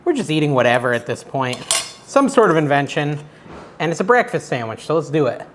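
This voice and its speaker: A man's voice: a little high, very animated, fairly quick, slight background noise. Chatty, unsure man cooking on camera. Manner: chatty, unsure, self-deprecating. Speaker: cooking show host. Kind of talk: casual cooking vlog chat.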